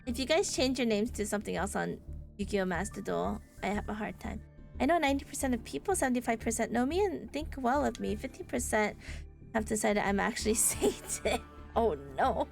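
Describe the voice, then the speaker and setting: A woman's voice: fairly high pitch, a little fast, creaky, darkish tone, faint music behind. A woman streaming a card game live, chatting with viewers in a playful, sarcastic way and laughing often. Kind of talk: casual live-stream chat while playing a card game.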